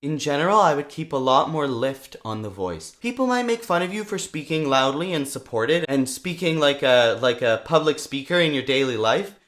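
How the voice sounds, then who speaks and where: A young man teaching singing to camera as a vocal coach, talking in a lively way and breaking off to demonstrate voice sounds. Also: a little high, normal speed, few pauses.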